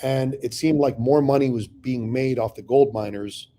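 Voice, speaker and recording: A man with a dark, mellow voice tells his business stories with blunt, profane candor. He talks in a loose, conversational way, breaking into the voices of people he once argued with. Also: medium pitch, normal speed, a little hiss or hum. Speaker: real estate investor guest. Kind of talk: candid conversational storytelling.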